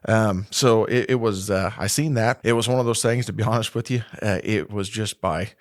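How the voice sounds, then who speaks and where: A man with a low Midwestern voice tells a story as a podcast guest. He rambles easily and starts lines over as he goes. The sound is dry and close. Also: moderate pace, dry recording. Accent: Midwestern American. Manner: relaxed, rambling, many fillers and restarts. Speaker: podcast guest, corrections lieutenant. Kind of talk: casual storytelling interview.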